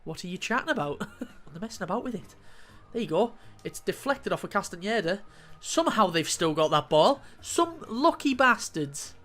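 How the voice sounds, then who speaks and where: A man's voice: high-pitched, fairly quick. Brief: young guy, gaming commentary, sweary, flips from chill to furious. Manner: swears freely, swings from calm to fuming. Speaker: gaming YouTuber. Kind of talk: live gameplay commentary.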